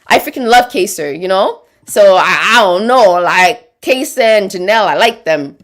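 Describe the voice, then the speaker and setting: A woman's voice: mid-range voice, animated, normal speed. A woman with a Quebec French accent, hosting a casual livestream, chatting, rambling and reading viewer comments aloud. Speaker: livestream host reading chat.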